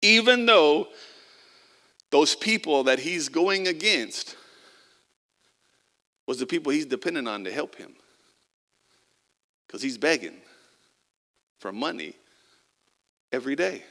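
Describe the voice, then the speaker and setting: A man preaching a sermon in a conversational way, moving between loud emphasis and quiet, low stretches and acting out the people he quotes. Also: expressive, slow pace, long pauses, big-room sound. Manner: acts out quoted people in a casual voice. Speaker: pastor.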